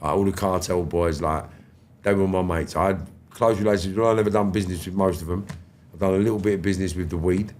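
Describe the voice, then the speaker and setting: A London man in his fifties, a podcast guest telling stories in animated, slangy street talk and swearing freely. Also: low voice, fast talker, a little hiss or hum. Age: 50s. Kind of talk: storytelling interview.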